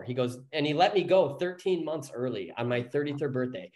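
A man in his forties, a podcast guest, telling a personal story in a rambling way, often restarting his sentences and growing animated as he goes. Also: on the high side, brisk, few pauses. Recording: echoey room.

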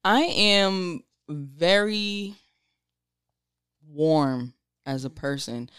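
A young woman hosts a podcast in a smooth, clear voice at a middling pitch. She talks reflectively and openly about herself, in relaxed slang. The recording is dry and close. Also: very slow, dry recording. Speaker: podcast host. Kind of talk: casual podcast chat.

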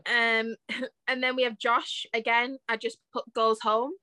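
A young woman co-hosting a podcast in casual chat, laughing often and filling pauses with ums. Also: on the high side, flat delivery, bright, forceful tone, no echo. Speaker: podcast co-host.

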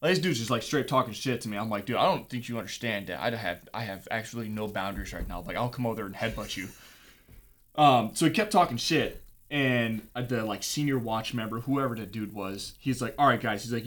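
A man's voice: mid-range voice, fairly quick, a bit bright. Young man, casual storyteller, profane and laid-back. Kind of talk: casual anecdote.

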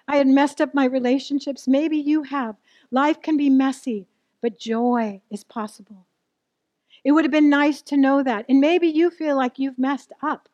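Middle-aged female preacher, high voice, dry recording, candid and conversational with the congregation. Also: a little mellow, no echo. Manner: candid storytelling, asks the audience questions. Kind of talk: sermon to a live church audience.

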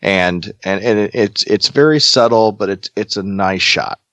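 A man co-hosting a movie podcast in casual chat, wry and halting with many restarts. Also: fairly low pitch, a bit bright, no room sound. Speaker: podcast co-host.

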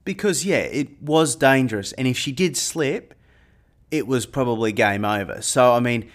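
A man telling a personal story in a casual monologue, animated and getting louder when he re-enacts a tense moment. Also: medium pitch, moderate pace. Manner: animated retelling, rising loud when quoting panic. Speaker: airline pilot and marketer.

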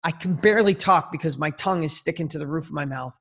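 A man in his fifties, a podcast guest, telling a personal story in an energetic, slangy way and talking straight to the host. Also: a little high, fast talker, husky. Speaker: interview guest. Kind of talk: casual storytelling.

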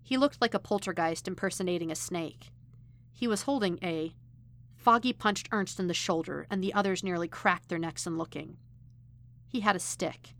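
A woman narrating a fan fiction story in an expressive, lively reading. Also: lowish voice. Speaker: podfic reader.

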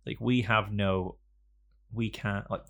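A young man with a low, gravelly voice chats loosely on a podcast. He rambles through silly stories, stacking up "um"s and restarts as he goes. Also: steady tone, slow, fairly bright tone. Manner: rambling, jokey storytelling with frequent fillers. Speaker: podcast co-host. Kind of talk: casual banter.

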